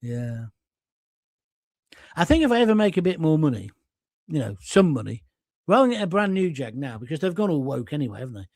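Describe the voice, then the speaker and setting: A man's voice: fairly high pitch, big pitch swings, brisk, pauses often, darkish tone, no room sound. An older man hosting a live online talk show, blunt and sarcastic, reading viewer comments and mocking people in little skits. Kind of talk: ranting live-stream commentary.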